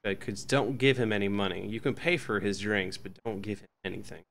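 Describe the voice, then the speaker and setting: A man's voice: fairly low pitch, fairly quick, fairly bright tone, a little hiss or hum. A man voicing a suspicious, flirty woman sitting alone in a tavern. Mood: wary. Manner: suspicious, teasing. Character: wary female tavern patron, flirty.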